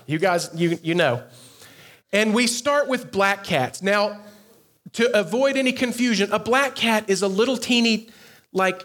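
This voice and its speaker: A pastor with a high voice tells a story in a youth sermon. He is animated and laughs often, breaking off for quick asides to the students.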